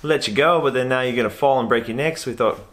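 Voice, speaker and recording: A man's voice: medium pitch, very fast, fairly bright tone, close to an everyday voice. A man playing a kindly male police officer who talks in an easygoing, matter-of-fact way.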